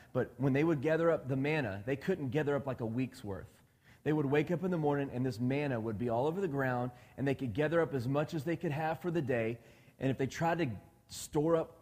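A man's voice: mid-range voice, darkish tone. A male preacher giving a conversational sermon, often asking the congregation questions and acting out quoted dialogue. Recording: long reverb of a large hall.

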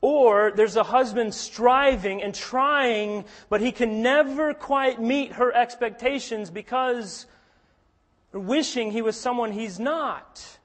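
High-voiced, earnest male preacher. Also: slow pace, in a large hall. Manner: earnest, swings between hushed storytelling and forceful emphasis. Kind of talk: sermon.

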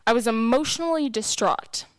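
A woman's voice: on the high side, normal speed, no room sound. A young woman giving a candid, emotional personal testimony to a church group.

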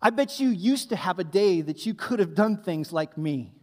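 Man voicing a boastful young builder, high voice, hall echo. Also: expressive, moderate pace, darkish tone. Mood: cocky. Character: boastful strong young man on a construction site. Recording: long hall reverb.

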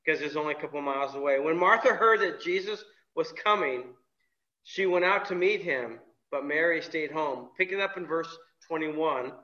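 A man's voice: a little high, moderate pace, pushed and bright. A man preaching a sermon as a pastor, talking in a loose, conversational way with frequent restarts and fillers. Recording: echoey room, dull lo-fi sound.

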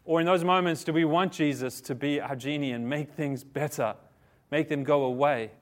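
Speaking at a normal speed with fairly even intonation, this pastor has a voice on the high side. He delivers a chatty sermon full of questions for his listeners, often correcting himself and repeating words.

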